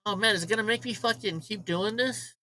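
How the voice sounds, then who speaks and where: Man, livestream host, casual rant, profane, mocking, very bright voice. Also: high voice, brisk, low-quality recording. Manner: profane, mocking, talks to the chat.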